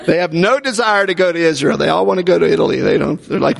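A man's voice: on the high side, fast, creaky. A man preaching a sermon, repeating aloud each answer called out by the congregation. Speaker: pastor. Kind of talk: sermon with audience call-and-response. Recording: echoey hall reverb.

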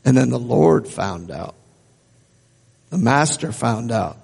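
A man's voice: medium pitch, animated, takes it slowly, creaky, darkish tone, breathy edge, in a large hall. A man preaching a sermon as a pastor, earnestly repeating phrases for emphasis.

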